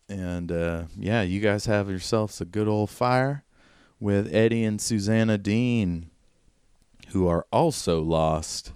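A man narrating as game master of a tabletop role-playing game, relaxed and descriptive. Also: lowish voice, slow, clear, resonant tone, no room sound.

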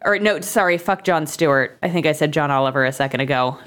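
A woman co-hosting a casual podcast, tired, telling dark jokes in a playful, deadpan way. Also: fast, clear, resonant tone. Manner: playful, deadpan dark humor, lively pitch. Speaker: podcast co-host. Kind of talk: casual comedic chat.

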